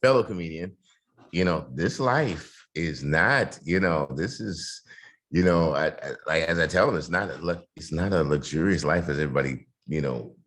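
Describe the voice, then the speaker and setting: A man hosting an interview, talking in an animated, hyped way with lots of fillers over a video call. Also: very deep voice, moderate pace. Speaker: podcast host. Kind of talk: casual interview talk.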